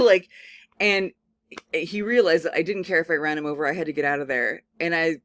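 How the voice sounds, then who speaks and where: Woman lecturer, conversational and animated, loose filler-heavy delivery, dry recording. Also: medium pitch, moderate pace, dry recording. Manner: casual, animated storytelling full of "like" fillers. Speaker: communication studies professor. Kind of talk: recorded lecture with personal anecdote.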